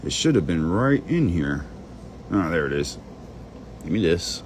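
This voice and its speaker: A man's voice: low voice, very animated, a little slow, slight background noise. A man rambling while he searches through documents on screen, muttering to himself and cursing under his breath. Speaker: channel host. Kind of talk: rambling screen-share monologue.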